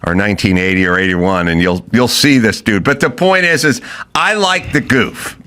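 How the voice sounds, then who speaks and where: Middle-aged man, casual storyteller, bright lively voice. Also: fairly low pitch, moderate pace, smooth. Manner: storytelling, animated, acts out quotes. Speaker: podcast host. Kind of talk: casual chat.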